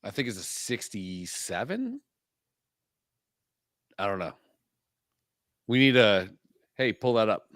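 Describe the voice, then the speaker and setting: Animated, bright-voiced man riffing crudely. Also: fairly low pitch, no room sound, clean studio sound. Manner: provocative, profane, joking, fast-shifting emphasis. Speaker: podcast co-host. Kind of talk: crude joking podcast banter.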